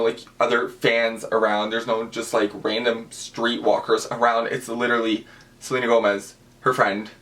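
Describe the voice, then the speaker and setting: A young man, telling a celebrity-meeting story in a casual vlog, gushing and full of fillers. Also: medium pitch. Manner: gushing, animated, with many fillers. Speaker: vlogger.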